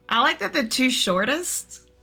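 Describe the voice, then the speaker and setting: A woman playing a tabletop game, chatting excitedly with the group. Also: high voice, slow, husky, soft background music. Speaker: player. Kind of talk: casual chat at a gaming table.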